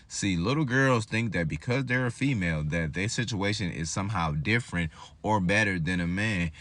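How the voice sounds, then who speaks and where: A man's voice: low voice, a bit bright. A man giving blunt, lecturing opinion commentary.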